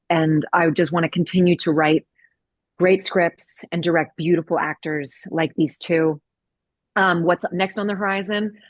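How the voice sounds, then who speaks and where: Upbeat woman director, low dry voice. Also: no room sound. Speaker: writer and director. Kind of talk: casual interview chat. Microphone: video call.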